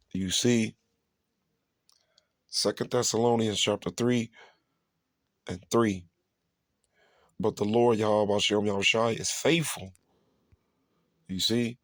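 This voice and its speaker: A man's voice: on the low side, no room sound. A man delivering a profane, ranting sermon, repeating himself and constantly asking his listeners if they see. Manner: profane, repetitive, keeps asking "you see?"; emphatic, drawn-out stresses. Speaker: preacher. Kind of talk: ranting street sermon commentary.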